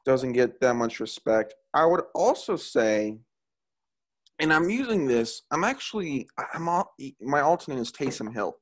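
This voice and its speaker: A young man co-hosting a casual sports podcast, enthusiastic and quick to laugh. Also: medium pitch, very animated. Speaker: podcast co-host.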